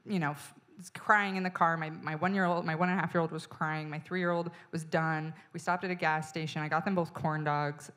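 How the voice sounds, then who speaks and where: A woman in her thirties tells a stand-up story with a bright, forceful voice pitched a little low. She swears freely and sounds fed up, now and then breaking into loud yelling. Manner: profane, exasperated, bursts into loud yelling. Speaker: stand-up comedian.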